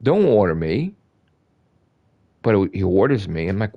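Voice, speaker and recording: Heated, profane gravelly-voiced man. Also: moderate pace, pauses often, muffled recording. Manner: heated, profane, repeats himself; animated, swings from loud to low. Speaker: gaming livestreamer. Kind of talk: ranting live stream chat.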